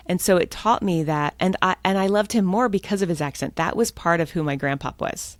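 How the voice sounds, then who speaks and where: Guest author, American woman, lively and upbeat, low-pitched, close dry mic. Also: normal speed, few pauses, dry recording. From United States. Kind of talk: podcast interview.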